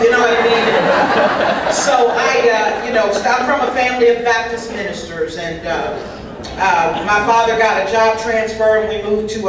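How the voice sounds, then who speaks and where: A woman's voice: mid-range voice, far from the mic, very noisy. Woman voicing a recovery talk in a very echoey hall. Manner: humorous conversational storytelling. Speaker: voice interpreter for a signed recovery talk. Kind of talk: first-person interpreted speaker talk. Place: large convention hall.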